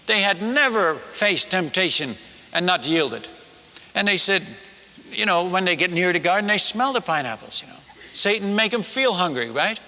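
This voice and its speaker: A man's voice: sits high, lively intonation, moderate pace, bright, forceful tone. A man, a missionary preacher, tells a story in a sermon, acting out the dialogue and the sound effects. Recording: long reverb of a large hall.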